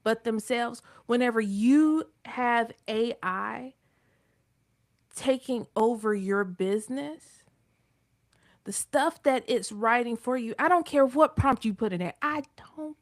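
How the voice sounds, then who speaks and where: A woman's voice: on the high side, slow pace, dry recording, clean studio sound. Emphatic Southern woman from North Carolina. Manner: emphatic, acts out quoted speech in shifting voices. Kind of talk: casual chat on a live broadcast.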